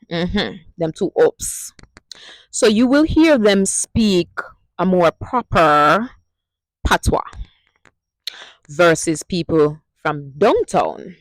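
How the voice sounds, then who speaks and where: A woman's voice: on the low side, no echo, rough recording. Emphatic Jamaican woman vlogger. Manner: emphatic, affectionate, asks the viewer questions. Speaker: vlogger teaching Jamaican patois. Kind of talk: casual explainer vlog.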